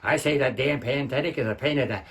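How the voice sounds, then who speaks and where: A man's voice: mid-range voice, fast talker, slight background noise, natural voice. A man doing an impression of a cocky 1930s movie tough guy in a clipped gangster drawl, as an open mic bit.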